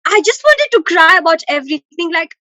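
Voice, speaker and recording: A young woman, a university student being interviewed, talking in an expressive, dramatic way and laughing often. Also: extremely high pitch, brisk, dry recording. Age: young adult. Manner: expressive and dramatic, laughs often, acts out her own thoughts. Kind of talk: casual interview chat.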